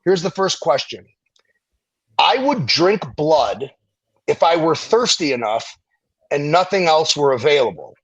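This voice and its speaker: Husky middle-aged man telling stories. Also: fairly high pitch, measured pace, long pauses, dull audio. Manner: animated, profane, acts out quoted people. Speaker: guest, Marine veteran and former firefighter. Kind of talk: casual storytelling interview.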